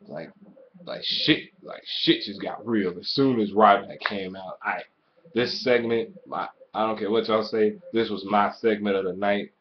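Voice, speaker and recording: A man giving a casual, profanity-heavy wrestling show review, ranting excitably and swearing constantly. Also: fairly low pitch, a little slow, lo-fi sound, slight background noise.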